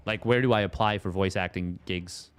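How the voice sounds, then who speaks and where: A man's voice: low voice, moderate pace, smooth. A man doing casual live commentary on a strategy game match, playful and self-mocking, wandering into joking asides. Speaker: esports caster.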